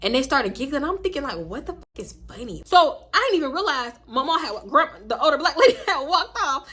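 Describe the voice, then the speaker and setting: On her storytime vlog, a young woman in her twenties with a Houston African American Vernacular English accent tells a dramatic tale, acting out the voices she quotes and swearing freely. Her voice sits high and sounds animated, fairly quick, and a bit bright.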